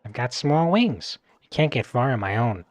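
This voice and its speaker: A man voicing a tiny winged male imp from a game, mischievous, pushy and overly energetic, with a shrill, squeaky voice. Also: moderate pace, no room sound, lightly acted. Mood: impatient. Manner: chirpy, impatient, overly energetic. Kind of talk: reading game dialogue aloud.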